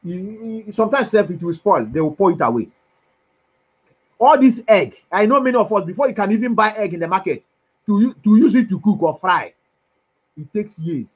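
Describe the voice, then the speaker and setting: A man giving an impassioned political monologue, emphatic and preachy, his voice swinging from loud to soft. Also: high voice, expressive, normal speed, slightly rough, poor audio. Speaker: commentator.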